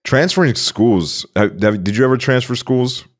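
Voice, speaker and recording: A man's voice: medium pitch, animated, moderate pace, no echo, clean studio sound. A young man co-hosting a podcast, talking in a laid-back, profane, musing way. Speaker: podcast co-host. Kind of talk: casual chat.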